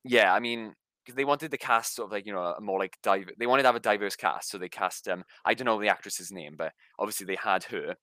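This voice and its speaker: A man's voice: fairly low pitch, fairly quick, sharp tone, dry recording, rough recording. A man co-hosting a podcast review, talking casually and hesitantly, hedging with fillers. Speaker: podcast co-host.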